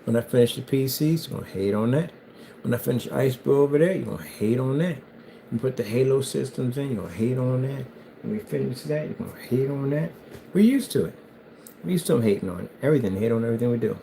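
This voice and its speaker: Gravelly man hyping his DIY build. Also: mid-range voice, lively intonation, fast, mellow, a little hiss or hum, rough recording. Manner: hyped, rambling, self-promoting. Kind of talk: casual build vlog.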